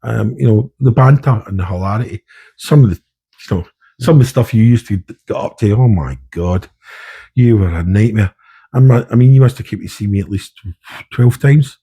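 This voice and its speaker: Husky Scottish man, low and dark. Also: normal speed. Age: middle-aged. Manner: rambling, with many restarts and "you know". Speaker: army veteran guest. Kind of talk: candid podcast conversation.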